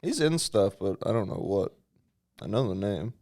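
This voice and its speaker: A man co-hosting a comedy podcast, trading crude banter in a rambling, halting way with repeated words. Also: lowish voice, very animated, dark tone. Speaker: podcast co-host.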